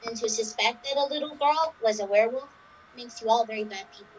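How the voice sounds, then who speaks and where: A woman's voice: fairly high pitch, fast talker, a little hiss or hum, close to an everyday voice, poor audio. A woman voicing the aggrieved ghost of a little girl in an improv game. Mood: spooky. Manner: aggrieved, accusing.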